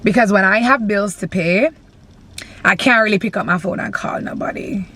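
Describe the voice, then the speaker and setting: A woman's voice: mid-range voice, normal speed, a bit bright. A young woman vlogging from her car, venting bluntly and animatedly with plenty of swearing. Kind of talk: casual venting vlog.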